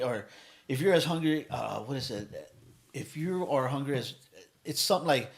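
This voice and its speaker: A man's voice: medium pitch, normal speed, gravelly. A man guesting on a podcast as a motivational speaker, telling stories energetically, cursing freely and acting out what people said. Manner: energetic storytelling, heavy cursing, acts out quotes. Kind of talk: casual podcast chat.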